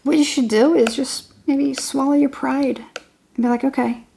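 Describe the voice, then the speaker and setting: A woman's voice: high-pitched, steady tone, normal speed, vocal fry, mellow, slight background noise. A woman giving a casual tarot reading to her viewers, chatty and rambling, repeating herself and laughing often. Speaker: tarot reader.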